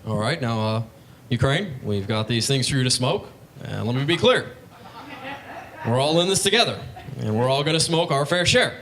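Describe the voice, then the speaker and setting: A young comedian puts on the voice of a composed male president, unhurried and deliberate, pausing like he is giving a speech. The pitch sits in a plain middle range. There is a little noise in the background. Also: lively intonation, fairly bright tone. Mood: measured. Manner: slow, deliberate oratorical cadence. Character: impression of a calm, measured male president.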